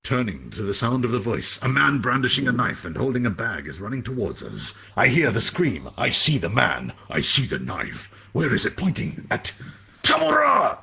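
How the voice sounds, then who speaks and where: Low gravelly guy reading a story out loud, voice swings all over, dry little asides. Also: sing-song, normal speed, few pauses, slight background noise. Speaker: story reader.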